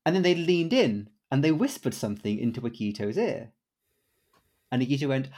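A man's voice: mid-range voice, big pitch swings, moderate pace, a little mellow. A man co-hosting a casual podcast, telling convention stories in a rambling way with many fillers and restarts. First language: English, some Welsh. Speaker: podcast co-host.

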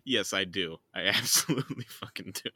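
A man's voice: low-pitched, brisk, sharp tone, breathy edge, no room sound. A man co-hosting a podcast in casual chat, giggly and rambling. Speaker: podcast co-host.

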